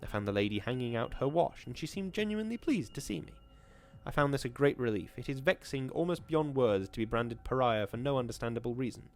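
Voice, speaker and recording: A man and podcast host reading a classic horror short story aloud in a measured, formal narrating voice. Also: medium pitch, lively intonation, darkish tone.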